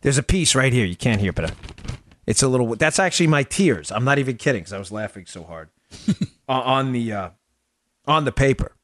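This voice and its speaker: A man's voice: mid-range voice, animated, fairly quick, fairly bright tone. A male podcast host giving political commentary, exasperated and sarcastic, rambling with restarts at a close mic.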